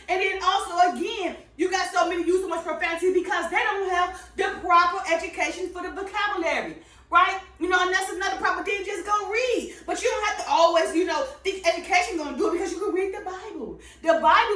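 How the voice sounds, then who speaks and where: A woman's voice: very high voice, pushed and bright. A woman giving a casual, sermon-style talk of Bible-based advice, emphatic and preachy, ending nearly every point with "right?". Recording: roomy sound, far from the mic.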